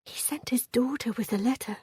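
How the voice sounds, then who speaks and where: A woman's voice: a little high, fairly quick, mellow, slightly rough, dry recording, clean studio sound, far from the mic, voice pushed up. A woman voicing an earnest young noblewoman who speaks urgently and pleadingly in a romance audiobook.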